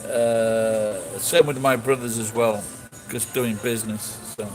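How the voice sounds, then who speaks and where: A man's voice: on the low side, steady tone, slow pace, a little mellow, rough recording. A man chatting casually with his audience, blunt and sweary, rambling through restarts. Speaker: streamer answering chat. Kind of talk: casual chat. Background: music.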